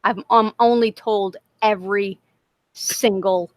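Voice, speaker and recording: A woman's voice: medium pitch, steady tone, slow, dry recording. A woman with a Boston accent co-hosting a casual livestream chat, brash, teasing and full of swearing. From Massachusetts, USA. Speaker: livestream co-host.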